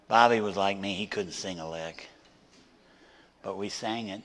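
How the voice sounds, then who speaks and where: With a bit of brightness in his low voice, an older man preaches as a guest speaker at a measured pace with long pauses, voicing the people in his story. Slight background noise and hall reverb come through on the recording.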